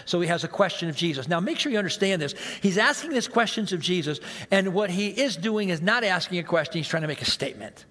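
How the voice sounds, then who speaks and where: Male pastor, high voice, conversational sermon delivery, long hall reverb. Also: expressive, fast, hardly any pauses, pushed and bright. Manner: conversational preaching with rhetorical questions.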